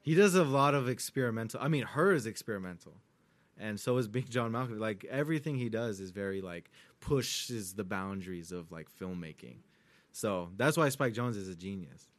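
A man chatting casually as a co-host, rambling and excitable, often trailing off while searching for words and swearing easily. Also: fairly low pitch, fairly quick. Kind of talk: casual chat.

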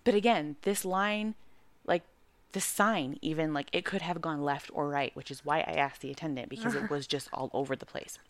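Woman, fairly low voice, dry close podcast mic, swearing, animated storytelling. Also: normal speed, no room sound. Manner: animated, profane, acts out quotes. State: pregnant. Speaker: podcast co-host. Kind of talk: casual storytelling chat.

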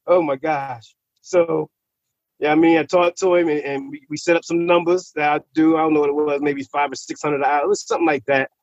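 A man telling a personal story in casual, profane slang, animated and repeating words when he gets worked up. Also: on the high side, fairly quick, no echo. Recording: slightly muffled recording.

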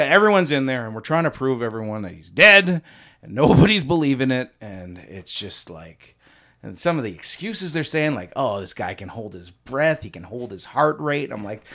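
A man plays a blustery, simple-minded husband in an improvised comedy interview. His bright, forceful voice rises and falls widely while he rambles defensively and laughs between his excuses. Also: medium pitch, very animated, normal speed. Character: simple-minded beer-selling suburban husband.

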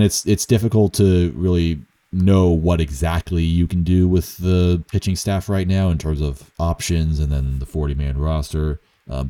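A young man with a deep voice talks through baseball over a solo commentary. His tone is mellow and relaxed. He rambles loosely, fills gaps with ums, and pokes fun at himself. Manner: rambling and self-mocking, with fillers and chuckles.

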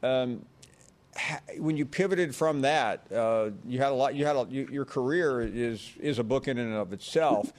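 A man's voice: medium pitch, moderate pace, darkish tone. A man hosting an interview, often stumbling and repeating words as he frames his questions. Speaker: interview host. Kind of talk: hosted interview.

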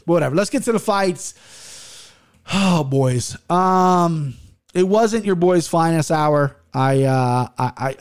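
A man in his thirties rambles through a casual podcast chat, his voice sitting a little higher than most men's. He swears freely and trips over restarts as he talks. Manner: profane, rambling and animated, with frequent restarts. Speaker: podcast host.

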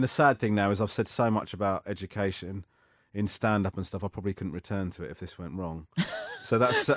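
Brief: male comedian guest, low-pitched, rambling and self-deprecating, dry close sound. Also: dry recording. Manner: rambling, self-mocking, laughs often. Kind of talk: casual interview chat.

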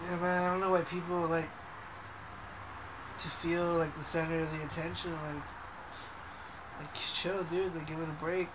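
A man's voice: on the high side, level tone, normal speed, pauses often, background noise. A young man, co-hosting a podcast in casual, profane, joking chat and laughing often. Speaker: podcast co-host.

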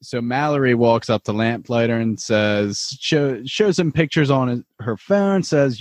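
A man's voice: medium pitch, animated, normal speed, hardly any pauses, no room sound. A man with a mid-range voice casually recaps TV episodes, walking through the plot point by point. The recording is dry and close. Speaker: podcast co-host.

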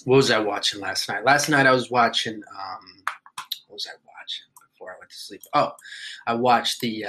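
Freshly awake and coughing at times, this man hosts a solo podcast, casual, profane and full of jokes. His fairly low voice sounds pushed and bright at a moderate pace, captured on a low-quality recording.

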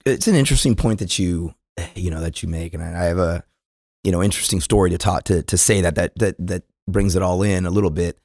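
A man's voice: low voice, no echo, studio quality. A middle-aged man from California, a police chief answering podcast questions earnestly, often restarting and repeating words. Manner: earnest, repeats words when starting sentences.

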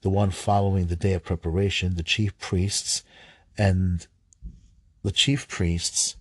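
A man reading scripture aloud, halting at times, stumbling and rereading lines. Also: sits low, little pitch movement, husky, no echo. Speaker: scripture reader.

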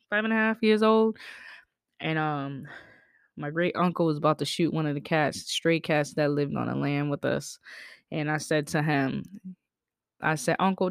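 A woman's voice: low voice, clear, resonant tone, no echo, clean studio sound. A woman from the American South with a Southern accent, telling blunt, profane stories as a podcast host. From Southern United States. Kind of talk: candid storytelling monologue.

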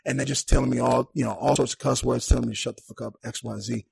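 A young man with a gravelly, raspy voice recounts a personal story in a relaxed podcast conversation. He keeps it animated, slipping into the voices of the people he describes. The sound is close and dry. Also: medium pitch, very fast, hardly any pauses, no room sound. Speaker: podcast guest. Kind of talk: casual storytelling.

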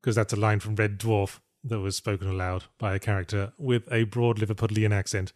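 A man's voice: lowish voice, flat delivery, fairly quick, darkish tone, no room sound. A man co-hosting a casual podcast chat, talking with dry, wry humor. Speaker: podcast co-host.

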